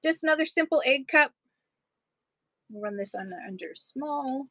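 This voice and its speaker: A woman's voice: high voice, expressive, normal speed, a bit bright, no echo. Chatty woman running a live sale. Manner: chatty, cooing over small items. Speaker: live-stream seller. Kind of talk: live auction unboxing chat.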